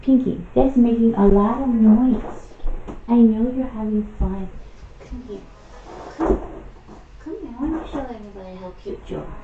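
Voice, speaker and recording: A woman cooing to her cat in soft baby talk. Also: on the high side, moderate pace, long pauses, echoey room, distant mic, narrow, tinny audio, noisy background.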